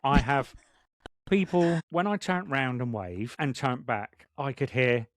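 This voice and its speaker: A man co-hosting a podcast, telling rambling, excited stories in casual chat. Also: medium pitch, measured pace, no echo, studio quality. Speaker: podcast co-host.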